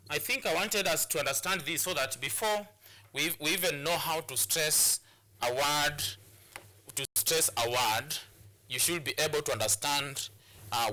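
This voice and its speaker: Kenyan guy teaching english, sharp bright voice, kinda high, keeps restarting his sentences. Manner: repetitive, restarting phrases while explaining. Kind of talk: classroom lesson on English pronunciation.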